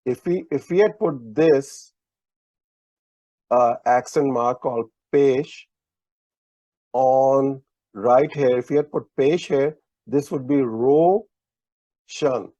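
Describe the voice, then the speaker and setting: A man's voice: medium pitch, slow pace, long pauses, dark tone, no room sound, highs cut off. A man teaching a language lesson over a video call, explaining letters patiently and methodically. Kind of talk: online lesson explaining script.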